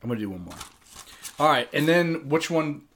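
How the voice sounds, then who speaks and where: A man's voice: on the high side, animated, a little fast, fairly bright tone. A young man hosting a casual food-tasting chat, narrating each step and laughing often. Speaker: host.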